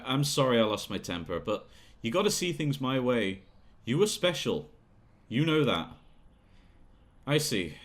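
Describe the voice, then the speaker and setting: A man's voice: medium pitch, close to an everyday voice. A man voicing a manipulative, bullying male talent manager who talks down to a young singer, in a video game playthrough. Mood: coaxing. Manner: condescending, bullying, sneering.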